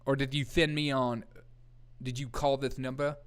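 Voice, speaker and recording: A man's voice: medium pitch, flat delivery, normal speed, clean tone. A man hosting a live comedy news show, riffing on headlines with a joking, chaotic manner and frequent laughter. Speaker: host.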